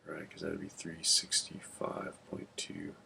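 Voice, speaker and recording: A man's voice: very deep voice, sing-song, measured pace, creaky, sharp tone, a little hiss or hum. A male instructor giving an informal classroom lecture. He rambles, mutters calculations half-whispered under his breath, and tells corny jokes between topics.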